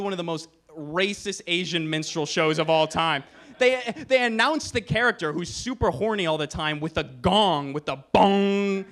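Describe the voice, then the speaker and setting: Young guy doing standup on a club mic, kinda high voice, sharp and bright, swears a lot, lots of quick asides. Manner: animated, profane, quick asides and acted-out quotes. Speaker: stand-up comedian. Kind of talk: stand-up set. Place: comedy club stage.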